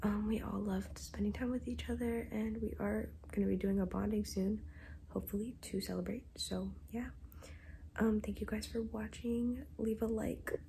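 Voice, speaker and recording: Teen girl vlogger, hushed late-night recap, creaky low tones. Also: steady tone, moderate pace, slight background noise. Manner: talking quietly at night, half-whispered. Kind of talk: whispered casual vlog wrap-up. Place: home at night.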